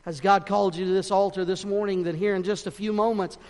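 A man preaching a sermon and giving an altar call, swinging from soft pleading to loud impassioned peaks. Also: high-pitched, flat delivery, fast, in a large hall. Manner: impassioned, rising to near-shouting peaks then dropping soft. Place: church sanctuary.

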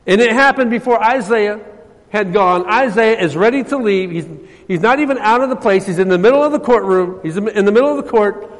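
A preacher man with a high voice delivers a sermon, rising to loud emphasis and dropping to near-hushed tones. His voice rings with the long reverb of a church hall. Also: brisk. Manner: swings between loud emphasis and soft, hushed passages. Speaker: pastor.

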